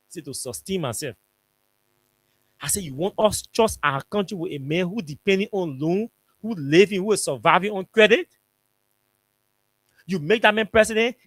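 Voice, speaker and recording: A middle-aged man with a Liberian English accent, hosting a talk show and telling a political story in an animated, repetitive, emphatic way. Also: on the high side, dry recording. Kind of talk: political commentary monologue.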